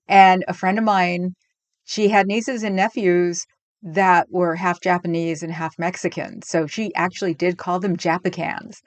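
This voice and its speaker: A woman's voice: medium pitch, dry recording. A middle-aged woman from California hosting a livestream, chatting casually and rambling with frequent laughs, at home on a desk microphone. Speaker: livestream host. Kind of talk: casual chat with live chat.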